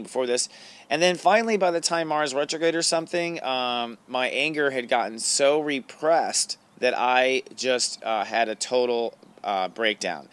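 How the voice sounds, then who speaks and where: A man's voice: medium pitch, a bit bright, smooth. A middle-aged man hosting an astrology show, talking casually and confessionally to camera, with frequent fillers and laughs. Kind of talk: casual spiritual talk to camera.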